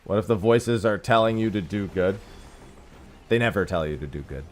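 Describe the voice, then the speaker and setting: A man's voice: fairly low pitch, lively intonation, normal speed. A man streaming an online game and chatting casually with viewers, sarcastic and swearing now and then. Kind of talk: casual chat while gaming.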